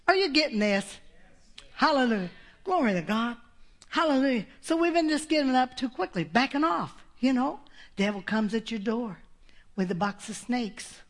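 A woman's voice: fairly high pitch, expressive, normal speed. An older woman preaching a sermon, folksy and exclamatory, with laughs between her points.

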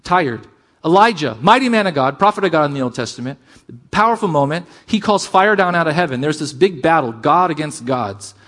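A middle-aged pastor preaches a sermon with animation, swinging between loud emphasis and quiet asides. His voice sits a little high and moves briskly.

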